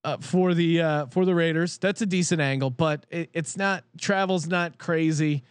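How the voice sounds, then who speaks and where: A man's voice: on the high side, moderate pace, smooth, no echo. A man co-hosting a sports betting show, talking bluntly and swearing freely as he gives his picks. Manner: blunt and profane, candid picks. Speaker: sports betting podcast co-host. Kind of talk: casual sports betting chat.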